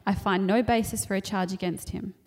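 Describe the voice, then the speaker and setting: A stern, uneasy Roman governor questions his prisoner in a scripture reading, voiced by a woman. The reading is plain, with the pitch pitched a touch higher for him and no real character voice. It stays measured throughout. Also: steady tone, a little mellow, big-room sound, lightly acted. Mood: questioning.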